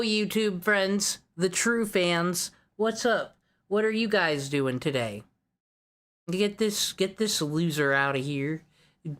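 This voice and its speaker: A woman's voice: lowish voice, fairly bright tone. A woman streamer chatting casually, wry and rambling, swearing offhandedly.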